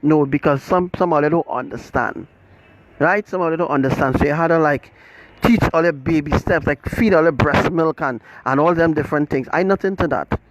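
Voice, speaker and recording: High-voiced man ranting. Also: a little hiss or hum, low-quality recording. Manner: forceful, repetitive, keeps asking "right?". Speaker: self-styled religious teacher. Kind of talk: livestream rant.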